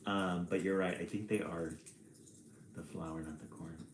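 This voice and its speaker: Brief: low-voiced man reading picture books aloud and chatting, very unhurried, in a roomy space with faint ambience. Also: slight background noise. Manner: slow, relaxed, chatty with small laughs. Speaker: storybook reader on a live stream.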